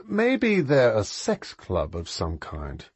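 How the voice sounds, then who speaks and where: A man's voice: lowish voice, huge pitch swings, slow pace, husky, no room sound, lo-fi sound, full character voice. A man voicing a playful, undaunted aristocratic suitor, speaking earnestly and unruffled by his sister.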